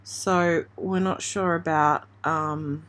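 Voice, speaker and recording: A woman from Australia hosting a true crime channel, giving halting, emotional live commentary on breaking news while trying not to cry. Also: low-pitched, steady tone, fairly bright tone. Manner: halting, emotional, hesitant with restarts. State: near tears.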